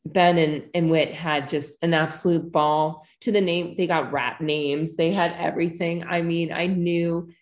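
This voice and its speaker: A woman's voice: on the low side, fairly even intonation, unhurried, few pauses. Chatty woman in an echoey room. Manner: chatty storytelling. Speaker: podcast guest. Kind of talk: casual interview chat.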